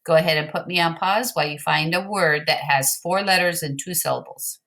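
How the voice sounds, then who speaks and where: A woman teacher giving slow, clear, patient instructions to young pupils in a recorded word game lesson. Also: low-pitched, a bit bright.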